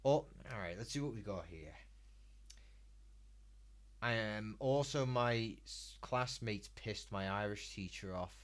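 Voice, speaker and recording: A man's voice: on the low side, slow pace, pauses often. A man streaming a game live, chatting loosely and crudely with his viewers in a rambling way. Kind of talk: casual live-stream chat while gaming.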